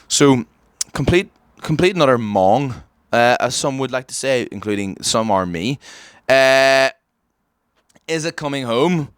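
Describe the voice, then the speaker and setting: A man's voice: mid-range voice, lively intonation, normal speed, fairly bright tone, dry recording. A man with an Irish accent hosting a podcast, delivering an emphatic, ranting satirical comedy monologue. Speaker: podcast host.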